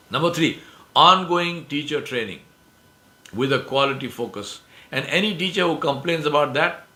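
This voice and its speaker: Male lecturer, bright and forceful, emphatic with rhetorical questions, roomy hall sound. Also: mid-range voice. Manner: emphatic, repeats key phrases, asks rhetorical questions. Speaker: speaker giving a presentation. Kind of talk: religious lecture to an audience.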